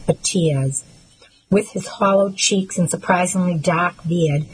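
A woman reading a first-person novel aloud in a measured, earnest and reflective way. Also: fairly low pitch, a little mellow, slight background noise, poor audio. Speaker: audiobook narrator.

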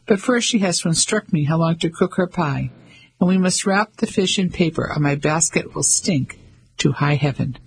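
A lively, amused older Frenchman, pitched well up and bright with good humour, as a male narrator takes him on. Storybook reading with a friendly, bustling manner. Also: normal speed, creaky, breathy edge, exaggerated voice, poor audio.

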